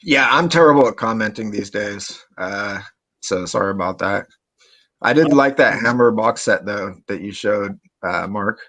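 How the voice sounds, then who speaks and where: A man hosting a casual online chat, relaxed and easygoing, with frequent "uh" fillers. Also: fairly low pitch, moderate pace. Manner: laid-back, frequent "uh" fillers. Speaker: podcast host.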